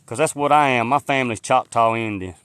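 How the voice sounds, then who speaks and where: A man's voice: medium pitch, brisk, a bit bright, clear, resonant tone, no echo. A man, live-streaming from the woods on a handheld phone, rambling folksily and answering viewer comments. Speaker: livestreamer. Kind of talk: casual live-stream chat. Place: outdoors in the woods. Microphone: phone held in hand.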